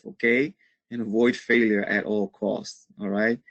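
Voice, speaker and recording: A man's voice: fairly low pitch, flat delivery, measured pace, highs cut off. A man teaching a live online marketing webinar in an upbeat way, checking in with "okay?" after almost every phrase.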